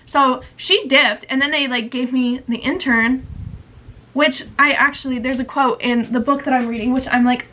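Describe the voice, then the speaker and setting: Young woman, high voice, bright tone, rambling confessional vlog chat, says "like" constantly. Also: steady tone, normal speed, poor audio. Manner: rambling, heavy use of "like", emotional. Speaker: vlogger.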